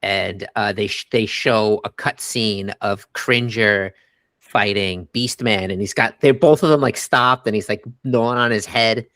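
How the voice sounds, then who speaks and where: Man, middle-aged, lowish voice, casual movie chat, dry room. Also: no room sound. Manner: animated, quoting scenes in quick bursts. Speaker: podcast co-host.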